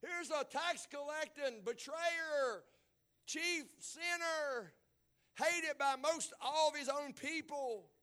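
High-voiced man preaching with fervor. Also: slow. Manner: emphatic, swings from low murmurs to shouted exclamations. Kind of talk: sermon. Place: church.

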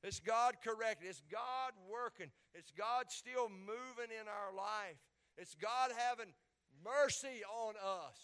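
High, bright-voiced man preaching fervently. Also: takes it slowly, clear, resonant tone. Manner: fervent preaching, repeats words and builds to loud peaks. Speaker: pastor. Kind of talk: sermon.

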